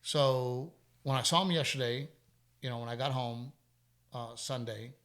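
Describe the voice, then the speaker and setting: A man's voice: mid-range voice, unhurried, a bit bright. A middle-aged man hosting a podcast, talking candidly in casual chat and telling stories with emphatic repetition. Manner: candid, storytelling, repeats himself when emphatic. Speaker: podcast host.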